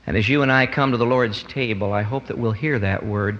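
A man preaching a sermon, swinging between quiet stretches and loud emphatic peaks. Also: brisk, few pauses, in a large hall, dull audio. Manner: dramatic swings in pitch and loudness, rising to emphatic peaks.

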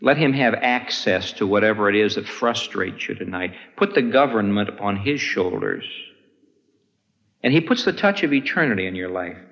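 A man preaching a sermon. He swings from ringing high peaks down to hushed low endings. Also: animated, moderate pace, creaky, long reverb tail, lo-fi sound. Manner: dramatic rises and hushed drops in delivery.

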